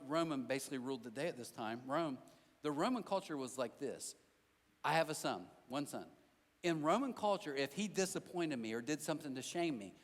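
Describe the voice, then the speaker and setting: High-voiced pastor preaching in a reverberant hall. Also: male voice. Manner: animated storytelling with self-deprecating jokes; talks directly to the crowd. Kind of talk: sermon. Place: church auditorium.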